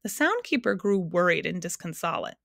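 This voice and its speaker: A woman reading a children's storybook aloud in a calm, expressive way. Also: fairly low pitch, fairly quick, creaky, no room sound, studio quality. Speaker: narrator.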